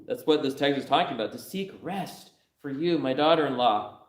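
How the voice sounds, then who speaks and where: A man's voice: mid-range voice, lively intonation, a little fast. A young man preaching a sermon in a church, conversational and humorous, telling stories and laughing along. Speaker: pastor. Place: church sanctuary. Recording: roomy church hall.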